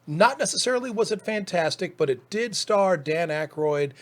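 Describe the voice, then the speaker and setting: A man's voice: high-pitched, lively intonation, normal speed. A man co-hosting a live stream, chatting about old movies in a hesitant, dry way with many fillers. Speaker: podcast co-host. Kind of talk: casual chat about movies.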